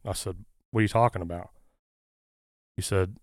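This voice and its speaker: Guy, kinda low voice, talks in a halting way with lots of uhs, dry close sound. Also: steady tone, no room sound. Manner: halting, many "uh" fillers, earnest. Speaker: guest, firefighter. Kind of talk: casual conversational storytelling.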